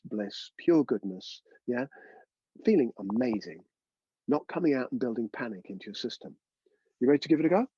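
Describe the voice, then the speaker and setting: A man's voice: medium pitch, a little mellow, husky, dry recording, highs cut off. A man teaching a live online breathwork class, chatty and coaching, often checking in with his students.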